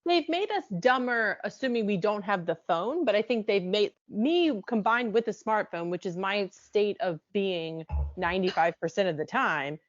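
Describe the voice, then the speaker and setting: A woman's voice: mid-range voice, animated, normal speed, no echo. Wry woman co-host, casual talk, dead dry and a bit muffled. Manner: wry, restarts sentences, laughs easily. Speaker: podcast co-host. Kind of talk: casual chat over wine.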